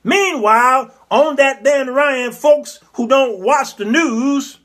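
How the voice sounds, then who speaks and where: A man hosting a comedy talk show, telling a satirical story in an animated way and jumping into put-on voices. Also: extremely high pitch, slow, noisy background.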